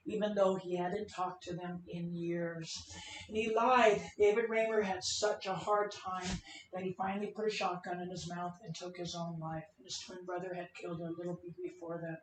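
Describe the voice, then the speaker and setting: A woman's voice: lowish voice, flat delivery, normal speed, recorded from a distance. A middle-aged woman tells her own story in an earnest, emphatic way and acts out the voices of the people she quotes. She is speaking on a video call, so her voice comes from a little way off the mic and sits in a roomy space, with a faint hum of ambience behind her. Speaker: transgender advocate speaker. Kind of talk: personal storytelling talk.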